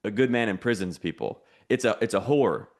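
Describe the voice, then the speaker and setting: A man's voice: on the low side, animated, fairly quick. A man hosting an online challenge, teaching in a preachy, repetitive way with call-and-response lines. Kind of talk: motivational teaching.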